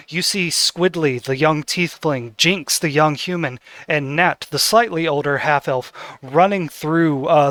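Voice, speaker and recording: Man, game master, fairly high voice, dry close sound, descriptive tabletop narration. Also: a bit bright, no room sound. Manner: descriptive, scene-setting narration with fillers.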